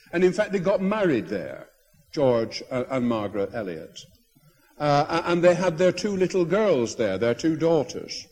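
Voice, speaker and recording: A bishop tells stories from the pulpit, his husky voice swinging up and down as he goes. He restarts his sentences, then presses on. The sound rings with the long reverb of a big church hall. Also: on the high side. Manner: anecdotal, animated, with hesitant restarts. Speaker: bishop preaching. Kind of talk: sermon storytelling.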